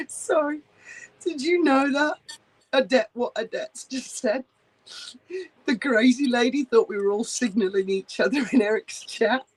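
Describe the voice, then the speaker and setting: A woman's voice: on the high side, unhurried, slightly rough, low-quality recording. A woman in casual chat who talks bluntly, swears freely and mocks people. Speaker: co-host.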